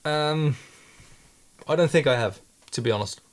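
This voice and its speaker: A man with a fairly high, slightly slow voice makes his own paints and chats casually in his studio. He thinks aloud, hesitant and rambling, restarting often.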